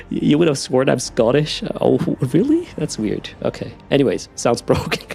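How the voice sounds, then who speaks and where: A man's voice: medium pitch, sing-song, measured pace, creaky, darkish tone. A man with a Swiss German accent chatting casually with his live-stream audience while playing, often repeating words as he starts a sentence. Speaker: game streamer.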